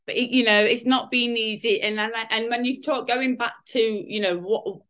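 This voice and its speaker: A woman's voice: a little high, steady tone, normal speed, fairly bright tone. A woman in her fifties, a guest in a casual interview, talking in rambling sentences full of restarts and fillers. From United Kingdom. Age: 50s.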